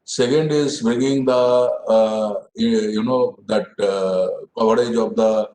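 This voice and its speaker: A man, an official answering business owners in a webinar in a measured, formal way. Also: lowish voice, steady tone, warm tone, reverberant, rough recording. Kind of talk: webinar discussion. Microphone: video call.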